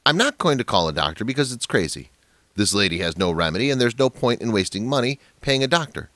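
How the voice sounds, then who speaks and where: A man's voice: medium pitch, very animated, fast talker, a bit bright, no room sound. A man voicing a cruel, controlling adult daughter who scolds and dismisses her old father, in a storybook narration. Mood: scornful.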